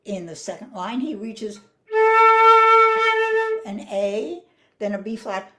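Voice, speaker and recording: A woman's voice: mid-range voice, normal speed, a little mellow, soft background music. An older woman teaching flute phrasing, explaining patiently and singing rhythms and counting beats aloud. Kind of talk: music masterclass.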